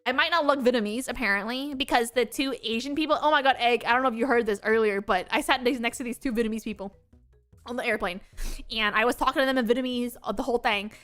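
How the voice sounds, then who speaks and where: A young American woman streamer chatting casually, telling animated travel stories with frequent giggles. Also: sits high. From United States. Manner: giggly, animated storytelling with quoted voices. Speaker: VTuber streamer. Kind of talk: casual chat.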